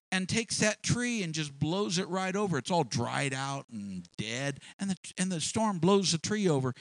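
A man's voice: medium pitch, no room sound, poor audio. A man preaching a sermon in a storytelling way, drawing out key words for emphasis and often restarting his phrases.

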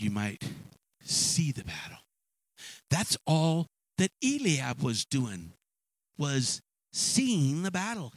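A man's voice: a little high, no echo, poor audio. A man preaching a sermon, retelling a scripture story with dramatic acted asides and stammering restarts.

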